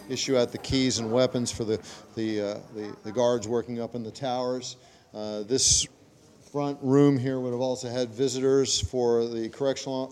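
A man's voice: mid-range voice, a little mellow. A man working as a park ranger, explaining things on a guided tour of a prison cellhouse. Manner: explanatory, demonstrates mechanisms as he talks. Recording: noisy live field recording.

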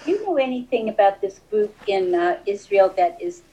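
A woman's voice: medium pitch, big pitch swings, normal speed, highs cut off. A woman in an online class asking a hesitant question over a video call.

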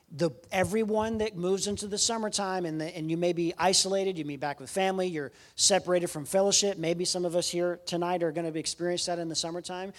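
A man preaching a sermon as a guest speaker, telling stories with animation and swinging between loud and quiet lines. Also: on the high side.

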